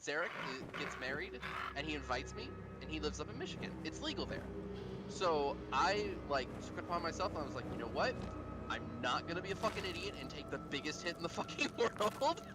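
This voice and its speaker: A young man from Missouri, a streamer casually telling a story over his game, animated, swearing and laughing as he talks. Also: fairly high pitch, brisk, very noisy. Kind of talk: casual storytelling while gaming.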